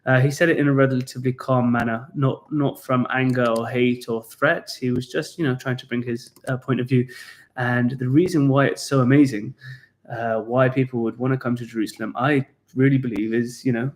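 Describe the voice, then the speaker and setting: A man's voice: medium pitch, steady tone, fairly quick. A young British man, a tour guide, chatting on a live stream and explaining history in a rambling way with restarts. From England. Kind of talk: casual live stream chat.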